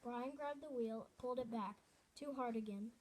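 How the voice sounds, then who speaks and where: A woman's voice: a little high, normal speed, darkish tone. Woman reading a novel aloud. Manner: earnest reading with frequent restarts and self-corrections. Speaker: reader.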